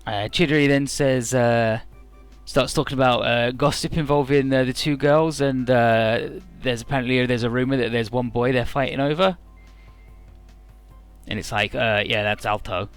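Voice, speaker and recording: With faint music behind him, a man retells game dialogue comedically in a crude, sarcastic summary, mocking the characters with a squeaky put-on falsetto. He's a let's play commentator whose voice is steady, clear and resonant, moving at a normal speed.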